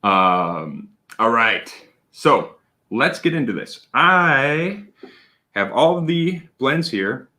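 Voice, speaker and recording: A man hosts a casual livestream from a room at home. He talks in a chatty, animated way, full of fillers and shout-outs. His voice is bright and swoops up and down a lot. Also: medium pitch, extremely slow. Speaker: livestream host.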